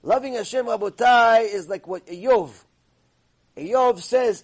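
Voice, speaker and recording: A man giving an animated sermon lecture, telling stories and asking his listeners questions. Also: extremely high pitch, takes it slowly. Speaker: rabbi teacher.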